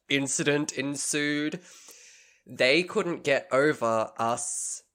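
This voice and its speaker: A man's voice: fairly low pitch, fairly bright tone, smooth. A man, co-hosting a casual podcast, chatty and prone to slipping into playful voices while telling stories. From Australia. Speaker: podcast co-host. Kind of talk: casual chat, storytelling.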